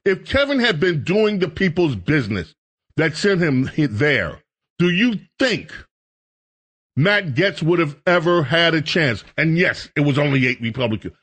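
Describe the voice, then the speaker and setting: A man's voice: on the high side, sing-song, unhurried, fairly bright tone, breathy edge. A middle-aged man hosting a political talk radio show, delivering a heated, sarcastic monologue. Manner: heated, sarcastic, mocks others in put-on voices.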